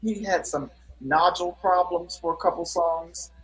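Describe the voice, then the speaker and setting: Earnest middle-aged man, slightly high voice. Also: moderate pace, fairly bright tone, rough recording. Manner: earnest, many "you know" fillers. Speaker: guest musician. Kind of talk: casual interview storytelling.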